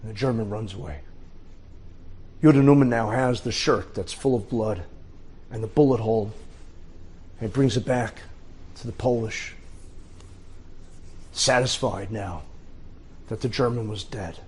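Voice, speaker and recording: A middle-aged man, a rabbi, telling an inspirational story in short, dramatic phrases with pauses. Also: lowish voice, darkish tone, a little hiss or hum.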